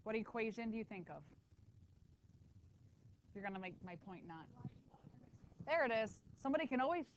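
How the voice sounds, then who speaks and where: Lively woman math teacher in class. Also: fairly high pitch, lo-fi sound, a little hiss or hum. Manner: lively, talks to students with quick asides. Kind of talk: classroom lecture.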